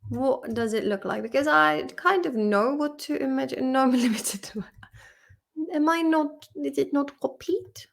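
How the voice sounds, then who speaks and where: A woman's voice: high-pitched, unhurried, creaky. A woman from the in her thirties, an English teacher chatting casually and emotionally, laughing and swearing as she goes through vocabulary. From Czech Republic. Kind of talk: casual vlog-style study session.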